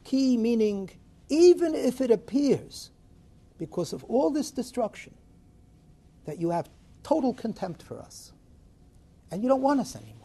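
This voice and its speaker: A man giving a Torah lecture, dramatic and animated, swinging between loud rises and soft drops. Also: very high voice, unhurried, pauses often, slightly rough. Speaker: Torah teacher.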